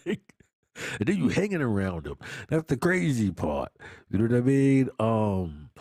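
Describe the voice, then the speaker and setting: A man's voice: medium pitch, big pitch swings, unhurried, mellow, no room sound, clean studio sound. A man casually reviewing a movie, with a loose, slangy way of talking, repeating himself and often laughing. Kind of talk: casual chat.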